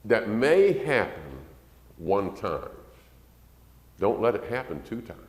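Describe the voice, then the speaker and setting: A man's voice: big pitch swings, slow pace. Folksy preacher man in an echoey hall. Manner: folksy, acts out quoted parents in a shrill voice. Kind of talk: sermon lesson to a congregation.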